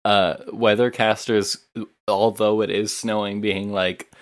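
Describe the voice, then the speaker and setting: A man's voice: on the low side, level tone, measured pace, dry recording, clean studio sound. A man co-hosting a casual comedic chat, laughing often as he riffs on absurd jokes.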